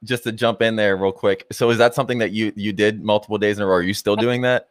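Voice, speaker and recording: A man's voice: lowish voice, steady tone, fast talker, dry recording, clean studio sound. A man hosting an interview, jumping in with questions and restarting his phrases. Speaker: host. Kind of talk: casual interview.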